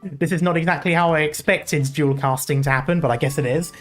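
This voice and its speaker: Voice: medium pitch, steady tone, fairly quick, soft background music. A British streamer chatting casually between story lines, laughing at themselves and making self-mocking asides. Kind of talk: casual stream chat while reading a game story.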